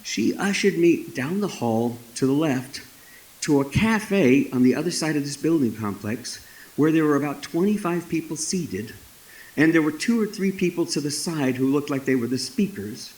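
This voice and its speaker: A man's voice: on the high side, animated, moderate pace, darkish tone. Older texan-born guy spinning a yarn on stage, wry asides, roomy hall sound. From Texas. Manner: folksy, dramatic, with wry asides. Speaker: storyteller. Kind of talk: live storytelling performance. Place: festival stage.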